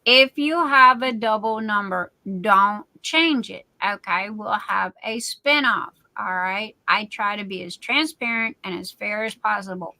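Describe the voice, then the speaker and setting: A woman's voice: medium pitch, measured pace, gravelly, hardly any pauses, pushed and bright, dry recording, poor audio. A woman hosting a casual livestream, reading out viewer comments in a silly, chatty way. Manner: chatty and silly, self-described class clown. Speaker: livestream host.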